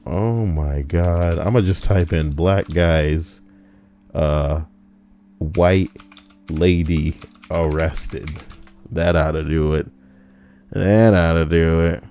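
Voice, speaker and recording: Young male livestream host with a low voice, loose and profane, riffs on chat messages. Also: fairly even intonation, slow, long pauses, mellow, a little hiss or hum. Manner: profane, rambling, laughs at his own stories. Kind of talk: casual reaction stream chat.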